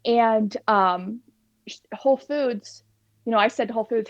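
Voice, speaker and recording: A woman's voice: on the high side, a little slow, no room sound. A woman, a plant-based cooking instructor, telling her personal story as a guest in an interview and acting out the dialogue. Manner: animated, acts out quoted dialogue. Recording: dull lo-fi recording, dry.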